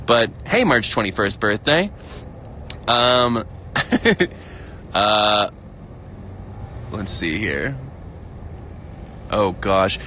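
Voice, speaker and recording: A man's voice: lowish voice, bright, forceful tone, slight background noise. A young man hosting a casual live stream outdoors in a field, reading out chat messages with lots of giggles and filler words. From United States. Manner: chatty and giggly, many fillers and restarts. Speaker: livestream host reading chat.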